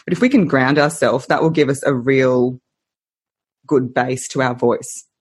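A woman voice coach on a podcast interview, expressive and playful, laughing often and using lively analogies. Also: rumbling low, a little slow, slightly rough.

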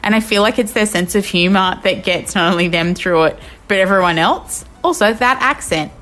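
A young woman co-hosting a podcast from home, talking in an animated, expressive way. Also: mid-range voice, moderate pace. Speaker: podcast co-host. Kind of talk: casual chat.

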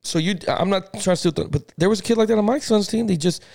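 A man with a high, heavily gravelly voice trades sports podcast banter, recorded close on a dry mic. He tells animated, profane stories and keeps hammering his point home. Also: fast talker, no room sound. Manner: animated storyteller, profane, repeats "listen to me". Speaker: podcast co-host.

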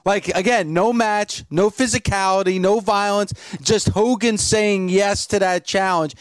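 A man co-hosting a podcast, lively as he tells a story. His voice sits fairly high. The room sound is dry. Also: measured pace, smooth, dry recording. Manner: animated storyteller. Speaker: podcast co-host. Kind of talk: casual chat.

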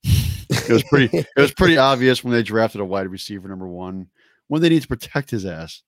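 Man, sports talk co-host, low voice, dry sound, blunt, sarcastic. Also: expressive, a little fast, no room sound. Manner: blunt, sarcastic, swears casually. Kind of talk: casual sports talk show.

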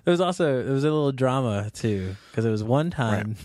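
A man, a voice actor guest, telling stories in a casual podcast chat, animated and laughing, acting out the quotes. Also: medium pitch, a little fast, no room sound, clean studio sound. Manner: animated, laughing storyteller who acts out quotes.

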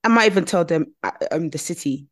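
A woman co-hosting a podcast in casual chat, expressive and fond of mimicking others. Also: sits low, fast talker. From Nigeria. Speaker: podcast co-host.

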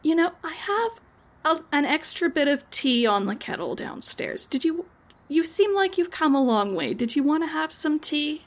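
A woman putting on a soft-spoken gracious hostess. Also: a little high, slow, gravelly, husky, heavily acted. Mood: warm. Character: warm, gracious woman welcoming a courier.

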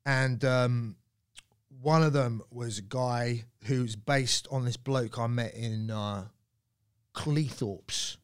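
Animated storytelling comedian from Surrey. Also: male voice, mid-range voice, slow, smooth. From Surrey, England. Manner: animated, swears freely while telling stories. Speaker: guest comedian. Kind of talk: casual podcast chat.

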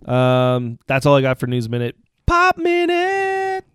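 A man's voice: medium pitch, completely flat delivery, normal speed, clean tone, no echo. A man co-hosting a casual podcast who reads the news segments and throws in dry, sarcastic jokes. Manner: dry, sarcastic, joking asides. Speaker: podcast co-host.

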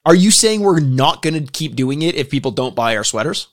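A man's voice: fairly high pitch, lively intonation, brisk. A Canadian man co-hosting a podcast, chatting casually with lots of restarts, laughs and swearing. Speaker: podcast co-host. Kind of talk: casual podcast chat reviewing a show.

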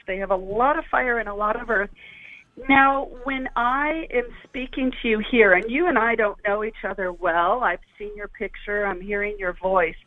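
A woman calling in as a guest, explaining things in a deliberate, unhurried way. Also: mid-range voice, dry recording. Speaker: guest on a call-in show. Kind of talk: explaining on a phone-in. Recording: dry tinny phone line.

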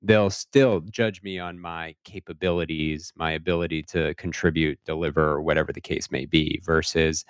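A male podcast host talking in a reflective way, restarting phrases and slowing down to stress his points. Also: a bass voice, fairly even intonation, clean tone, no echo, clean studio sound. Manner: reflective, searching for words, repeats himself, slows down to stress points. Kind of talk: casual podcast conversation.

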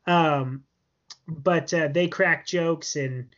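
A man's voice: fairly high pitch, steady tone, drawn-out words, a bit bright. A man co-hosting a podcast, casually recapping a TV episode in a rambling way full of fillers. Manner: rambling, filler-heavy storytelling with laughs. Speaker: podcast co-host. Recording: dull lo-fi podcast audio.

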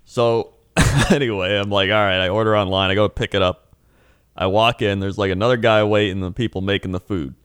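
A man's voice: lowish voice, fairly even intonation, fairly quick, smooth, dry recording, studio quality. A man co-hosting a casual chat, telling a story in a laid-back way and laughing often. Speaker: podcast co-host.

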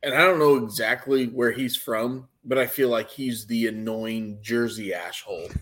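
A man co-hosting a podcast, opinionated and blunt, swearing casually in relaxed chat. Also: medium pitch, normal speed. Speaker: podcast co-host. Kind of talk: casual chat about wrestling.

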